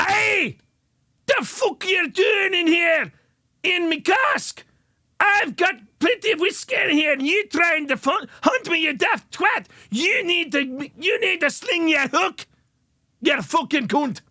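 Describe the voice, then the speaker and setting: A man's voice: expressive, slow, full character voice. A man putting on a to voice an angry, foul-mouthed ghost in a whiskey cask. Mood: furious. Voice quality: shouting, high and strained.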